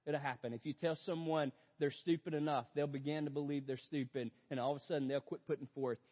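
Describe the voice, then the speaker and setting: A young adult man preaching a sermon as a story, talking straight to his listeners and swinging between loud outbursts and hushed reflection. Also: on the high side, little pitch movement, quick pace. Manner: storytelling, addresses audience as "you guys". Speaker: pastor. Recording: dull lo-fi sound in a big reverberant hall.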